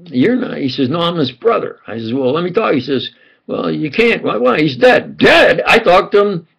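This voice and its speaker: An older man with a gravelly, husky voice talks in a long, wandering monologue. He slips into quoted dialogue and sometimes sinks to a low mutter. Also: very animated, normal speed, low-quality recording. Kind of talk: rambling conspiracy monologue.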